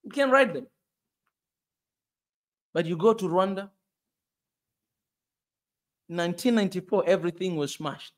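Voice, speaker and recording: Tanzanian-accented man, high voice, impassioned car vlog on rough roads, sweaty, repetitive, fired up. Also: lively intonation, unhurried, long pauses. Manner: emphatic, repetitive, rising to anger. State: sweating on a bumpy ride. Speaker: vlogger. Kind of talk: passionate commentary vlog. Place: moving car on a bumpy road.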